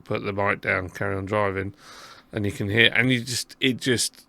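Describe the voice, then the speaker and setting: A man's voice: on the low side, steady tone, moderate pace, gravelly, bright, forceful tone. A man with a southern English accent hosting a casual podcast chat, talking in a rambling, self-deprecating way. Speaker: podcast host.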